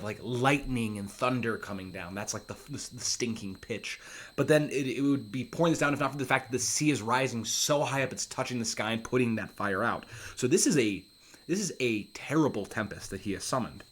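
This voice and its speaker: A man's voice: mid-range voice, a bit bright. A man teaching a class, reading verse aloud and then explaining it in a casual, patient way. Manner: reads verse aloud then paraphrases it, with fillers.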